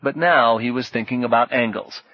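A man reading audiobook narration in a measured, even storytelling manner. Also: mid-range voice, no room sound. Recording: dull lo-fi dry audio.

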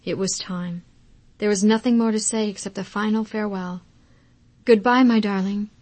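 A woman narrating an audiobook in a measured, calm way. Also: medium pitch, no echo. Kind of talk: scripted narration.

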